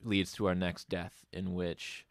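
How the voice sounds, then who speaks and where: A man with a very low voice walks through a film's plot in casual chat. The recording is dry and close. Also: little pitch movement, measured pace, creaky, no room sound. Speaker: podcast co-host. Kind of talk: casual chat, recapping a film.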